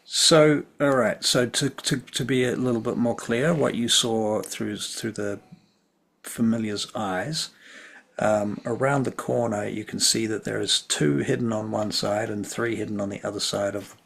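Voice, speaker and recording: A man running a tabletop game as game master, calm and patient, with a husky, gravelly voice. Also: on the low side, a little slow.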